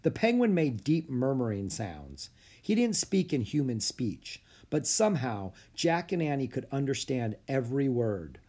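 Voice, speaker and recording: Guy reading a kids book out loud, husky voice, lots of ups and downs. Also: medium pitch, unhurried. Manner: expressive, story-telling delivery. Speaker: audiobook narrator. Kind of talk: children's book read aloud.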